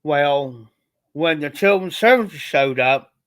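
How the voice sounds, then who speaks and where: A man from Ohio rambles through a personal story on his livestream, repeating himself in a loose, colloquial style. His voice sits a little high for a man. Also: lively intonation, takes it slowly, fairly bright tone. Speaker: livestream host.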